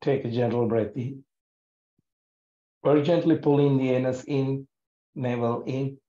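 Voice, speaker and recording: A man guiding a yoga breathing practice in a gentle, calm and soothing way, with many pauses. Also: medium pitch. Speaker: yoga teacher. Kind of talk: guided yoga breathing instruction. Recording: echoey room, dull lo-fi sound.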